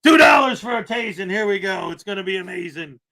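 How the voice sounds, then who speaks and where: A middle-aged man hosts a live commentary stream, rambling, laughing and mocking in a sarcastic way. His voice sits high for a man. It also sounds very bright and sharp. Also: lively intonation, fairly quick. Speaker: host.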